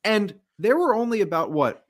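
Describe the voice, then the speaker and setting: A man's voice: high voice, sing-song, normal speed. A man casually recapping a wrestling match, telling it as a story, acting out quotes and laughing often. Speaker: podcast co-host.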